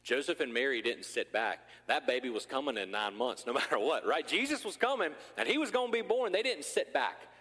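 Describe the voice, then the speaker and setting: A man preaching a sermon as pastor, animated and joking, acting out scenes from the story. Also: medium pitch, brisk, hardly any pauses, long reverb tail.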